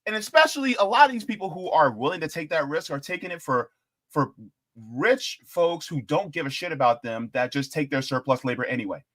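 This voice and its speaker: A man's voice: on the high side, lively intonation, brisk, fairly bright tone, dry recording. A man hosting a casual political chat, reading headlines aloud and reacting with chuckles. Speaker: host.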